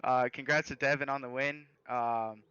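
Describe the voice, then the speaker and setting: A man with a bright, smooth voice talks about finishing second in a race. He speaks in a flat tone, hesitant and modest, over a dull, dry line. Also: medium pitch, normal speed, dry recording. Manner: hesitant, lots of fillers, modest. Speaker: sim racing driver, second place. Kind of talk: post-race interview.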